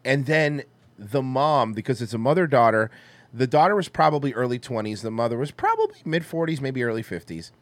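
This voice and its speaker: A man's voice: mid-range voice, a little fast. A male podcast co-host tells a crude travel story, his voice climbing and dropping a lot as he acts out the people in it. The sound is dry and close, with no room echo. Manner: crude, animated storytelling with acted-out quotes. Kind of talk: casual storytelling chat.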